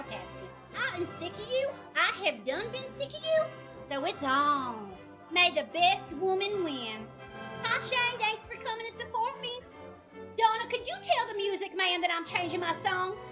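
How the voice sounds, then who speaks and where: A woman playing a brash, dramatic woman in a lookalike contest. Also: very high-pitched. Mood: sugary. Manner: feisty, dramatic, catty. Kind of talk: comedy sketch acting.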